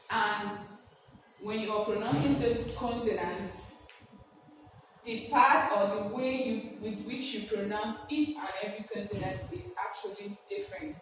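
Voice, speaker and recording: A woman from Nigeria teaches slowly and deliberately, pausing on fillers as she explains. The mic is far from her, and a large hall adds long reverb. A clear background hiss runs throughout. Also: medium pitch. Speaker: guest language teacher. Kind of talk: classroom-style lesson. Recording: echoey hall from a distant mic, noisy.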